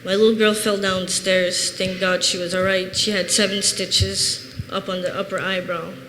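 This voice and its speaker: A woman's voice: mid-range voice, flat delivery, moderate pace, a bit bright. A woman in her thirties from Chicago giving an earnest, plain-spoken personal testimony in a church. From Chicago, USA. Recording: reverberant church hall, faint noise.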